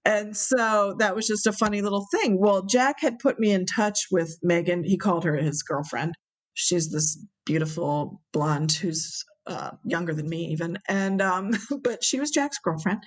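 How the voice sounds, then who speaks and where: A woman telling a story as an interview guest, animated and acting out the people she quotes. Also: medium pitch, unhurried. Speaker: interview guest, brewery owner.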